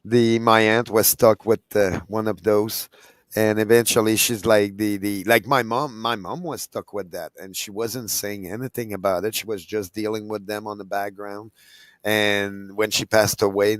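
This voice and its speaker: A man's voice: on the low side, level tone, moderate pace, no room sound. A man in casual chat, telling a story with many restarts and false starts. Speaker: podcast co-host.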